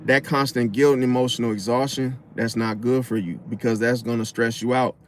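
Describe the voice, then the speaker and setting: A man talks through relationship advice in a loose, slangy monologue. His voice sits at an ordinary middle pitch, and he gets animated, now and then acting out other people in loud, high voices. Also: brisk, a little hiss or hum. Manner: animated, acts out loud high-pitched interruptions, laughs often; casual slangy talk. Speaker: astrology commentator.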